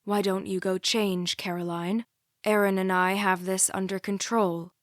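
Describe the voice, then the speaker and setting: A woman's voice: mid-range voice, little pitch movement, a little slow, no echo, clean studio sound, lightly acted. A woman voicing an angry father who speaks curtly and with derision, in an audiobook. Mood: curt, defiant. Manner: curt, derisive. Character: angry, tense father, curt and defiant.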